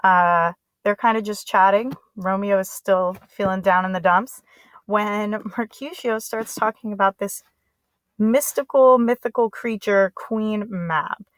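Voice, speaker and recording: A woman's voice: mid-range voice, unhurried, no room sound, low-quality recording. A woman teacher giving a casual, chatty lesson summary in slangy everyday speech.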